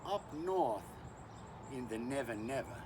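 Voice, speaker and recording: A man's voice: mid-range voice, animated, measured pace, noisy background, lightly acted. A man voicing a brash outback crocodile hunter in a put-on Australian accent mixed with British, giving a boisterous sing-song introduction in rhyme. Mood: cocky.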